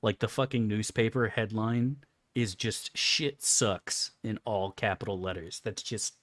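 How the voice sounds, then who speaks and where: Man, streamer, fairly low voice, rambling crude jokes, casual game commentary. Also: steady tone, measured pace, a bit bright, dry recording.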